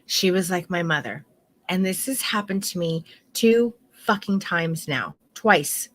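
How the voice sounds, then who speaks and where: A woman's voice: on the low side, a little slow, a bit bright. A middle-aged woman photography instructor teaching an online course in a heartfelt, candid way, swearing now and then.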